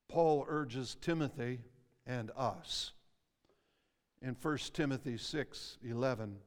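A male pastor preaching a sermon, reading scripture slowly and emphatically, swelling and dropping in intensity. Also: medium pitch, long reverb tail.

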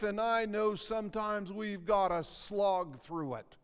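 A male pastor preaching a sermon, reading scripture slowly and emphatically, swelling and dropping in intensity. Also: sits high, clean tone, long reverb tail.

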